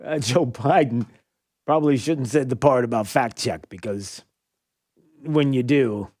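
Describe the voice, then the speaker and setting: A man hosting a talk radio show, giving animated, sarcastic commentary and often laughing at his own remarks, on a studio microphone. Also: medium pitch, unhurried, no room sound.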